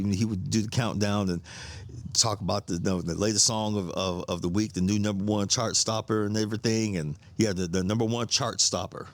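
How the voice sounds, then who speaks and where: A man's voice: fairly low pitch, no echo. A middle-aged man hosting a podcast, telling stories in a rambling, casual way, repeating words, laughing often and swearing freely. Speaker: podcast host. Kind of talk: casual storytelling monologue.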